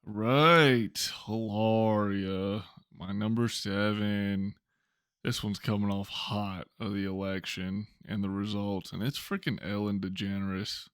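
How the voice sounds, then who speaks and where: Gravelly-voiced man podcast co-host. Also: fairly low pitch, steady tone, slow pace, a bit bright, dry recording, studio quality. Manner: blunt, exasperated ranting. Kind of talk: casual chat.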